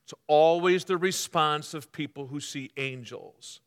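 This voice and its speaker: A man's voice: fairly high pitch, unhurried, clean tone, long reverb tail. A man preaching a sermon as pastor, engaging the congregation by asking them to mark their notes and by answering his own quiz questions.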